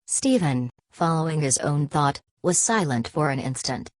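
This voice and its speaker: A woman narrating a novel as an audiobook, reading in a steady, measured way. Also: deep voice, no echo. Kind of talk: scripted narration.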